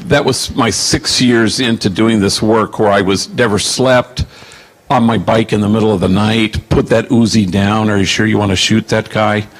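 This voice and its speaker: A man in his sixties with a lowish voice answers audience questions as a Jesuit priest. He tells stories slowly and reflectively, pausing with fillers as he searches for words. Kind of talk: Q&A storytelling.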